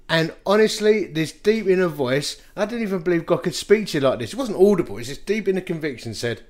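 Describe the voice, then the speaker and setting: An animated pastor in his fifties, his voice sitting high, delivers a fast-paced sermon full of self-deprecating tales and chuckles.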